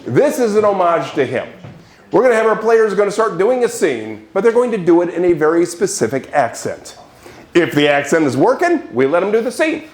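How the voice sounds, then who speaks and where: A man hosting a live improv show, lively and joking with the audience. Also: high-pitched, brisk. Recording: echoey room.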